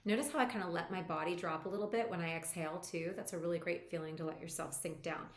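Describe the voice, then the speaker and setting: A woman coach leading a guided tapping lesson, talking the listener through each step in a calm, reassuring way. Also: lowish voice, fast talker. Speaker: EFT practitioner and coach. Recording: roomy echo.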